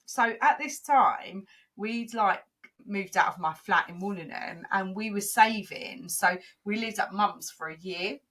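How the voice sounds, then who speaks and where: A woman, co-hosting a casual chat and telling lively stories, acting out the people she quotes. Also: unhurried. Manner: animated storyteller, acts out quotes in high shrieks. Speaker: podcast co-host.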